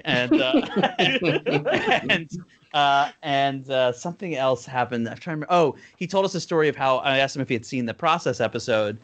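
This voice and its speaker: Once more the New Jersey cartoon creator in his thirties rambles through casual stories as a podcast guest, leaning on plenty of fillers. His medium-pitched voice is expressive and fairly bright, moving at an ordinary speed.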